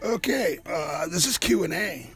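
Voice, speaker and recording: A man's voice: sits high, animated, measured pace, gravelly, soft background music. A man hosting a comedy show, rambling through a profane, offhand monologue. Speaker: host.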